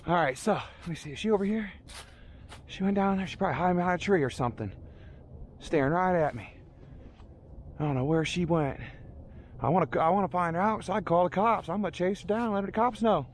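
Breathless high-voiced man on a trail. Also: slight background noise. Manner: breathless, rambling, mock-outraged. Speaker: vlogger. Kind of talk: comic storytelling vlog. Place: outdoor park trails. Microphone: handheld camera.

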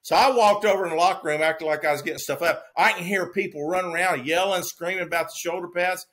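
Bright-voiced Texan man, rambling storyteller. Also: high voice, quick pace. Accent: Texas. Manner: rambling storyteller with restarts and laughter. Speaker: guest, former football player. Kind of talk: casual anecdote.

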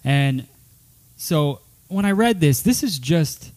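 Male host for a casual salon talk show: slightly high voice, upbeat, rambling, lots of fillers. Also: expressive, slow, a little mellow. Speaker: podcast host. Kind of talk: casual chat. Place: hair salon studio.

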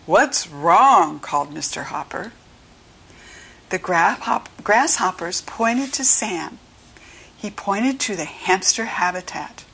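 An American woman reading a children's storybook aloud slowly and clearly for young listeners. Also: animated. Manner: slow, clear teaching read-aloud, brighter pitch for quoted children. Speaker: children's book reader. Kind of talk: read-along storybook narration.

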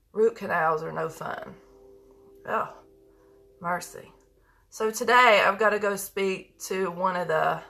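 A woman talks loosely to her viewers as she does her makeup. She is folksy and quick to joke, with a touch of congestion in her voice. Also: on the low side, gravelly, pushed and bright. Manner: chatty, folksy, joking with viewers. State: congested with mucus. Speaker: beauty vlogger and medical practitioner. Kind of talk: casual live makeup chat.

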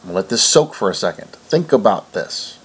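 Male commentator with a husky, low voice. Reads news, then rebuts it indignantly. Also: very animated, fairly quick, fairly bright tone. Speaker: online commentator. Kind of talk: reading news aloud with commentary.

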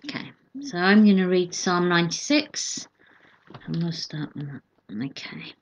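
A woman's voice: fairly low pitch, big pitch swings, normal speed, slight background noise, poor audio. A woman co-leading midday church prayers, chatting with dry humour and reading scripture aloud.

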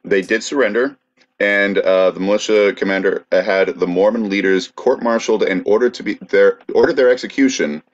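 Man, very low voice, laid-back history storytelling, dull lo-fi sound. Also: normal speed. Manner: laid-back, many fillers while recounting history. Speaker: podcast co-host presenting research.

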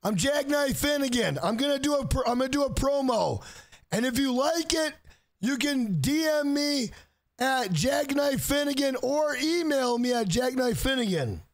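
A man streaming a game live, loud and profane, joking around, greeting viewers by name and breaking into shouted rhyming bits. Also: extremely high pitch, animated, normal speed, no echo.

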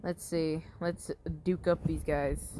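A woman's voice: low-pitched, flat delivery, slow, background noise. A woman giving casual commentary while playing a mobile game, swearing often and yelping when things go wrong. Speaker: gamer.

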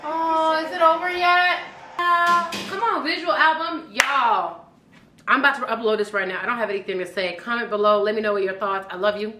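A woman's voice: fairly high pitch, brisk, reverberant, background noise. A woman hosting a live reaction video, chatty and exclamatory, singing along now and then.

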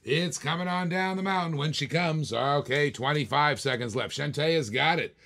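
A man's voice: fairly high pitch, normal speed, a bit bright. A man hosting a live toy car auction, joking and urging bidders on, a little short of breath.

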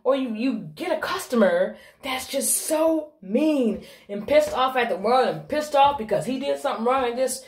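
A woman's voice: high-pitched, animated, moderate pace, few pauses. A young adult woman chatting casually to her phone camera, swearing freely as she talks. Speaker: vlogger. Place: bathroom. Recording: echoey bathroom.

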